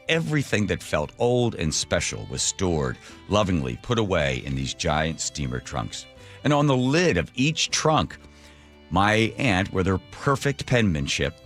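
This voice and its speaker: A man with a very low, deep voice hosts a radio show, spinning a wry story. His delivery swings widely in pitch, animated and playful. Faint music sits behind him. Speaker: radio host. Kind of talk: storytelling monologue. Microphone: studio microphone.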